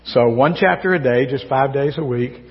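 A man preaching a sermon to his congregation in a folksy, joking way, his voice a little hoarse because he is losing it. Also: medium pitch, moderate pace. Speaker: pastor. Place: church sanctuary. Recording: distant, dull church recording with long reverb.

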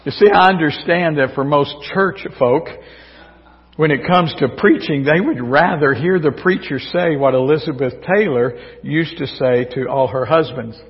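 A man preaching a sermon to his congregation in a folksy, joking way, his voice a little hoarse because he is losing it. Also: on the high side, normal speed. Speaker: pastor. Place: church sanctuary. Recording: distant, dull church recording with long reverb.

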